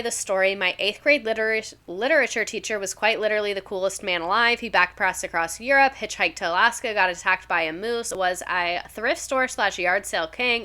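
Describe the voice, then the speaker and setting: Young woman, bright tone, chatty streamer, reads stories aloud. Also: medium pitch. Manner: chatty, reads submissions aloud, reacts emotionally. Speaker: streamer reading viewer stories. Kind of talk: casual live-stream chat.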